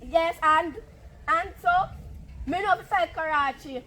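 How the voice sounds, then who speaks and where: Boastful Jamaican woman, high voice. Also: takes it slowly, pushed and bright, a little hiss or hum. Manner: jealous, boastful. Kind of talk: Jamaican patois film dialogue.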